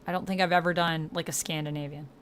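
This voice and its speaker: A woman's voice: deep voice, fairly even intonation, fast talker, fairly bright tone, slight background noise. A woman streamer chatting casually on a livestream, thinking aloud and asking herself questions as she goes.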